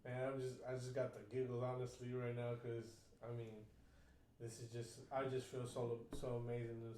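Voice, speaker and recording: Earnest, halting man in a roomy space. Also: mid-range voice, monotone, warm tone, a little hiss or hum. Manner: halting, many restarts and fillers, earnest. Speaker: podcast co-host, uncle. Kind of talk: casual podcast chat. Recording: roomy, distant from mic, faint ambience.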